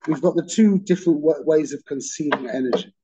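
A man's voice: a little high, brisk, muffled recording, background noise. A man teaching a religious class in a conversational way, often checking in with "okay?" and repeating phrases for emphasis. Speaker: Torah teacher.

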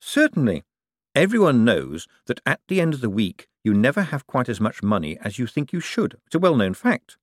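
A man voicing a quick-witted, smooth-talking young male con man with a glib, teasing manner. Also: mid-range voice, big pitch swings, no room sound, studio quality, voice pushed up.

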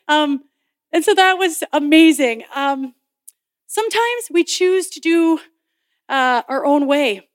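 A woman from Canada giving a lively personal testimony in a chapel sermon, acting out the voices of the people in her story. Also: high-pitched, slow pace, dry recording, studio quality. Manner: laughs often while telling. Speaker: speaker at a Bible college chapel.

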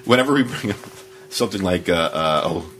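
Male co-host, lowish voice with lively inflection, wry teasing banter over a faint hum. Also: fairly quick. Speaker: podcast co-host. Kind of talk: casual chat.

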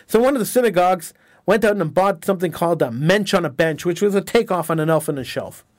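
A man with a high-pitched voice hosts a talk radio show, talking emphatically and with indignation, often stumbling over and repeating his words. The sound is dry and close, with almost no room around him. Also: fast talker, no room sound.

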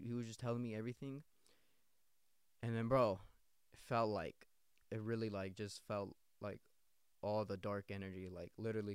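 A young man tells a story on his podcast in a loose, rambling way, swearing often and leaning on slang. His voice is smooth and resonant, and the recording is dry and close. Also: on the low side, no echo. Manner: rambling and profane, full of slang and restarts. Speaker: podcast host. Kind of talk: casual storytelling.

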